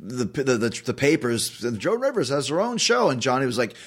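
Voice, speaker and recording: A man hosting a casual chat, telling an animated story and swearing freely. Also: medium pitch, normal speed, husky. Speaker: podcast host.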